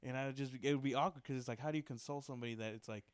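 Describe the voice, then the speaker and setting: A man's voice: medium pitch, steady tone, very fast, smooth, no echo, studio quality. A young man co-hosting a podcast, chatting casually, laughing often as he tells stories. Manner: laughs often, easygoing storytelling. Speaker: podcast co-host. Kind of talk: casual chat.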